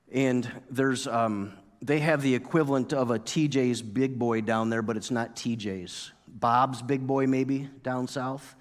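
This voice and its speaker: A pastor from New York giving a sermon, telling a story and acting out his own past outburst with lively energy. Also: medium pitch. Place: church sanctuary. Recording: long reverb of a church hall.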